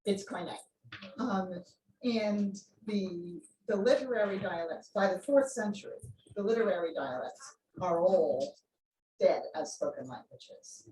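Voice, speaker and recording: A woman's voice: mid-range voice, expressive, a little slow, dark tone, a little hiss or hum. Woman lecturing in an echoey room. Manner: explanatory, thinks aloud with many ums, answers questions. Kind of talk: academic seminar lecture. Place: seminar room. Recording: echoey room, voice a bit distant.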